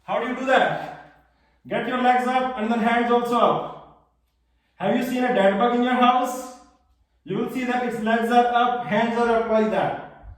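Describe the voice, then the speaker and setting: Brief: male kids' yoga teacher, high voice, cheerful simple cues, camera far across a very echoey room. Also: a little slow, long pauses. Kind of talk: live online yoga class instruction.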